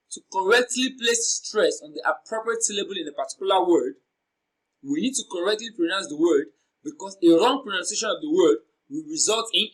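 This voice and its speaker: Man tutoring slow pronunciation drills. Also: sits high, fairly bright tone, poor audio. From Nigeria. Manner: slow, deliberate, repeats words for pronunciation drills. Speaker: exam prep tutor. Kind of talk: lesson on exam questions.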